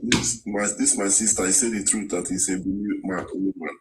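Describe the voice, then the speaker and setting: A man's voice: sits low, steady tone, normal speed, a little hiss or hum, rough recording. A Nigerian man with a Nigerian accent in a street debate, accusing and dismissive toward the others. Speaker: discussant.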